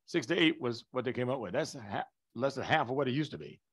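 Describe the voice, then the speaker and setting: A man teaching a class, lively and emphatic, often stopping to ask the students if they understand. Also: mid-range voice, fast talker. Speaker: lecturer. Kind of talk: live online lecture.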